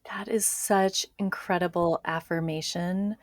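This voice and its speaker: A woman's voice: lowish voice, fairly even intonation, measured pace, no echo. A woman doctor hosting a podcast who sums up and affirms what her guest says. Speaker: podcast host, physician. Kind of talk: casual interview.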